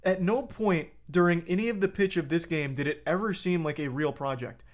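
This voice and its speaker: A man's voice: a little high, brisk. Blunt, profane man reacting on stream. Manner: blunt, profane, gets heated. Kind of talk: casual live reaction commentary.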